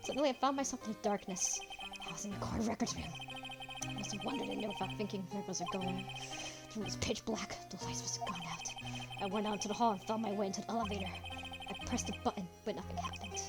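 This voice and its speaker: A woman's voice: medium pitch, quick pace, loud music behind the voice, pitched below the performer's own voice, lightly acted. A woman voicing a vengeful older male prosecutor, cold and proud, reading his lines from a game with snarling threats. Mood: grim, hushed.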